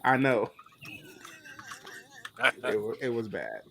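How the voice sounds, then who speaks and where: A man's voice: medium pitch, takes it slowly, creaky, crowd noise. A man, co-hosting a podcast in casual chat, telling jokes and stories with slang. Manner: joking, lively storytelling with slang. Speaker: podcast co-host.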